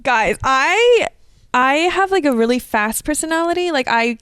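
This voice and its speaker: A woman's voice: high-pitched, expressive, a bit bright, no echo, clean studio sound. A young woman co-hosting a podcast, chatting casually and laughing often, with lots of "like". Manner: giggly, fast-talking, many likes. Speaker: podcast co-host. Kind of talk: casual chat.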